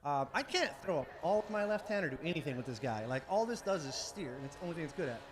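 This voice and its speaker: A man's voice: a little high, very animated, quick pace. A man, a pro drift driver, talking enthusiastically in laid-back slang at a racetrack. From United States. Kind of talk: casual interview. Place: outdoors at a racetrack.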